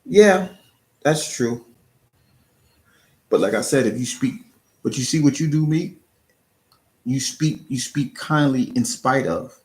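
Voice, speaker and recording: A man's voice: medium pitch, animated, slow pace, pauses often, a little mellow. A man streaming live, giving casual, earnest encouragement to his chat, often restarting and repeating words. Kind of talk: casual motivational talk.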